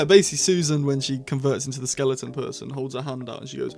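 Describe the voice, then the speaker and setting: A man chatting excitedly as he reviews episodes of a TV series, full of quick asides. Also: mid-range voice, gravelly, faint music behind. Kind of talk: casual review monologue.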